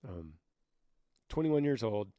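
Slow and sing-song, this podcast host's voice sits on the low side and is a little scratchy, with no room sound. His casual advice comes across as earnest and conversational, punctuated by restarts and gentle laughter.

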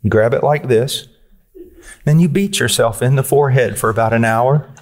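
A man's voice: mid-range voice, normal speed, a little mellow. A man preaching a sermon, earnest and direct, pressing his listeners with questions and using blunt, dry humor.

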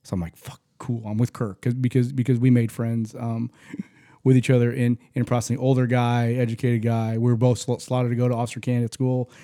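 A man recounts his army training days in a loose, profane conversational style. His voice is mellow and darkish, recorded dry and close. He stumbles and restarts often as he talks. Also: medium pitch, monotone, brisk, no echo. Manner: profane, rambling, frequent restarts. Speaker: guest, army veteran. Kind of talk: casual storytelling.

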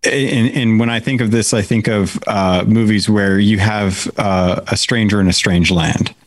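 A man in casual chat, speaking slowly and thoughtfully about a game. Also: on the low side, fairly even intonation, dry recording.

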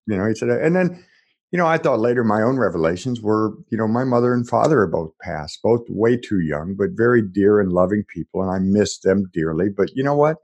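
Middle-aged male guest, deep husky voice, earnest and halting. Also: lively intonation, a little mellow, muffled recording. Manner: earnest, halting with repeated starts. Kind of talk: reflective conversation.

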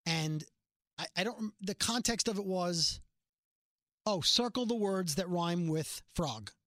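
A woman's voice: on the low side, a little slow, no room sound, clean studio sound. A middle-aged woman co-hosting a podcast, chatting casually and telling stories with emphatic energy. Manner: animated, emphatic storyteller. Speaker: podcast co-host. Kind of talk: casual chat.

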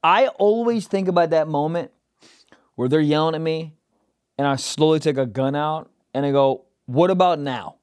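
A man co-hosting a podcast, telling stories in an animated, profane way and shouting out quoted lines. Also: a little high, normal speed, smooth, dry recording. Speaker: podcast co-host. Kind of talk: casual comedic chat.

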